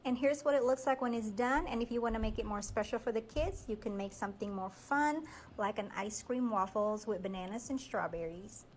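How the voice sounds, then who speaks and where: A woman narrates a short cooking video, cheerful and instructive. Her voice sits a little high. A faint hiss runs under it. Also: brisk.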